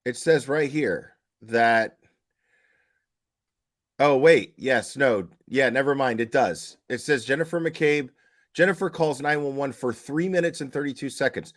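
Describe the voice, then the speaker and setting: At a measured pace and medium pitch, a man chats casually about true crime with a skeptical, questioning edge. He keeps restarting, throws out rhetorical questions, and performs the dispatcher's quoted questions.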